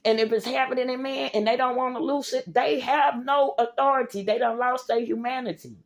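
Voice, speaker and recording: A woman with a slightly high voice delivers a fervent religious rant straight to her livestream viewers. She preaches with emphasis, calling her audience y'all and baby. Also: steady tone, brisk, vocal fry.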